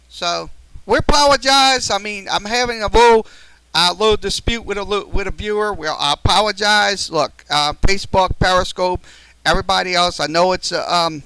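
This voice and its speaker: A man's voice: high voice, moderate pace, pushed and bright, smooth, no echo, poor audio. A man hosting a live-streamed sports talk show, rambling with many fillers and restarts and getting upset at a viewer. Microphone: studio mic through a mixer.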